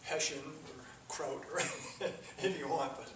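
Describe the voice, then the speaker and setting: Recorded from far off in a noisy, echoey classroom, a man teaches coding in an unhurried, somewhat high voice. He explains the code one step at a time, dropping in casual side comments along the way.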